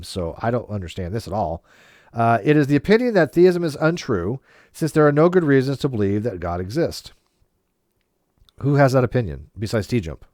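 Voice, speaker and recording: A man's voice: mid-range voice, a little mellow, dry recording, studio quality. A man hosting a casual discussion, explaining ideas at length with restarts and frequent checks for agreement. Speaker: debate host.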